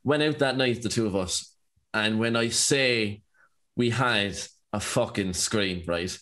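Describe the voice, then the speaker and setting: A man's voice: on the low side, slow pace, a bit bright. A man in his twenties with an Irish accent, a podcast guest telling a long rambling anecdote full of "like" and "you know what I mean". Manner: rambling, filler-heavy anecdotes with lots of "like". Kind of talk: casual storytelling chat.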